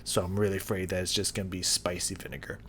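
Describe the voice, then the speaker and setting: A man vlogging a hot sauce tasting to his viewers, talking casually and haltingly as he describes the burn. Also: low-pitched, flat delivery, a bit bright, slight background noise. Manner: talks through the burn, halting and drawn out. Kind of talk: casual chat to camera. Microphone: new studio mic.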